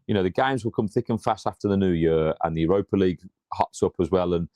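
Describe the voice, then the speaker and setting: Excitable, sweary man, low voice. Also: fast talker, no echo, clean studio sound. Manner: excitable, swears freely, repeats words. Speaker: podcast co-host. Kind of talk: casual football chat.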